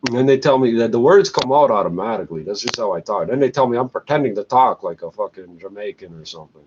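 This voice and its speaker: A man at an average pitch rants in an angry, sarcastic stream, swearing hard and breaking into laughs between complaints. The recording is muffled and lo-fi, with a faint hiss underneath. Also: expressive, quick pace, darkish tone. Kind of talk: profane ranting monologue.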